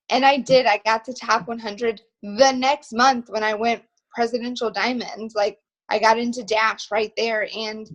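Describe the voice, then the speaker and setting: A young woman hosting a motivational team video call, telling stories in an excited, emphatic, rambling way. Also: on the high side, rough recording.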